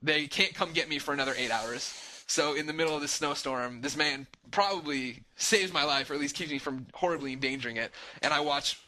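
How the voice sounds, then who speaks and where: Bright-voiced man telling a story animatedly. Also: a little high, a little fast, slight background noise, rough recording. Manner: animated, heavy use of "like"; acts out other people's lines. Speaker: podcast co-host. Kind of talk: casual storytelling.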